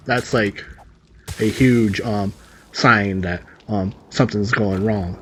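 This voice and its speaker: A man's voice: lowish voice, steady tone, slow pace, fairly bright tone, a little hiss or hum. A man reading a story aloud and adding sarcastic, rambling comic asides over gameplay. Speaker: story reader and commentator.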